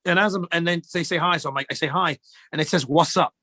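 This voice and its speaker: A man's voice: on the high side, racing, pushed and bright, dry recording. A middle-aged man, a guest in casual chat, telling rambling joking stories.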